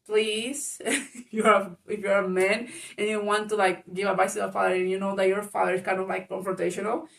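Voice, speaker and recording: A woman's voice: medium pitch, little pitch movement, fairly quick, gravelly, fairly bright tone, distant mic. A woman giving casual spoken advice to viewers, frank and chatty, laughing often, swearing and calling the listener baby. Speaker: advice vlogger.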